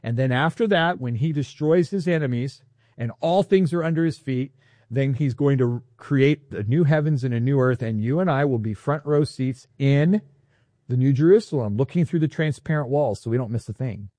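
A man preaching a sermon as a pastor, teaching in an animated, playful, excitable way. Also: mid-range voice, moderate pace, no echo.

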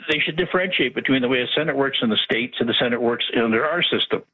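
A man's voice: medium pitch, quick pace. Man, radio caller, emphatic, tinny phone sound. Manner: emphatic, rambling.

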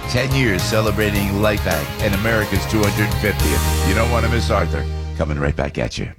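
A man hosting a radio talk show, jokey and excitable, repeating himself as he reads ads and chats with guests. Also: fairly low pitch, a little fast, over loud music. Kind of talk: energetic radio host chat and live ad reads.

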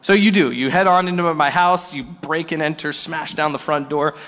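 A man preaching a Sunday sermon in church, telling a story with lively shifts in tone. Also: fairly high pitch, moderate pace, long reverb tail. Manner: animated storytelling, acting out scenes in quotes. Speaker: pastor. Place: church service before a congregation.

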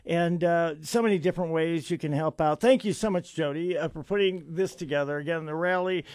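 High-voiced emphatic man hosting talk radio. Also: fairly quick, darkish tone, no echo. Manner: emphatic, repeats words, self-described sarcastic. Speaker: radio talk show host. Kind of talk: political talk radio interview.

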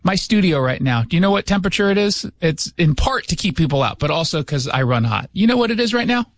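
A man's voice: fairly high pitch, animated, fast talker, no room sound. A middle-aged man hosting a radio talk show in a studio, riffing sarcastically and interrupting himself with jokes. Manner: sarcastic, joking, self-interrupting. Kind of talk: casual political commentary.

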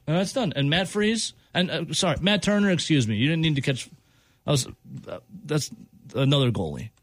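A man's voice: a little high, animated, moderate pace, no room sound. A male sports talk host in an exasperated rant, hammering the same point over and over. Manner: exasperated, repeats points with emphasis.

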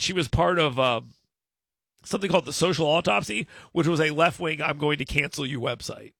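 Talk radio host, male, gravelly and bright, dry close sound, emphatic. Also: a little high, dry recording. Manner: emphatic, repeats words when starting a point.

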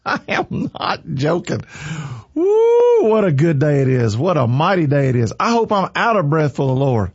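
Man, worship leader, out of breath, animated and folksy, dry close sound, dull lo-fi audio. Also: a little high, fairly quick, hardly any pauses, husky, dry recording. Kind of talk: excited church livestream chat.

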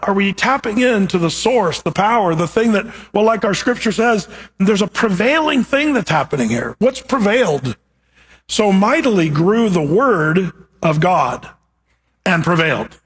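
A man's voice: high voice, fairly bright tone, breathy edge. A man preaching a sermon as a pastor, teaching in a conversational way with rhetorical questions.

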